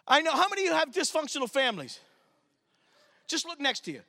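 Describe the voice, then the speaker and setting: Brief: middle-aged preacher man from Pittsburgh, high voice, animated storyteller, bright tone. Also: fast, creaky, dry recording. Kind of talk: sermon.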